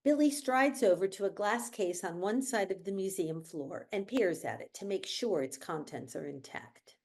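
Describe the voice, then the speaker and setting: A woman reads a screenplay's stage directions at a virtual table read. She sounds measured and descriptive, with a mid-range voice over a video call. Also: mid-range voice, animated, a little mellow. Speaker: narrator reading stage directions.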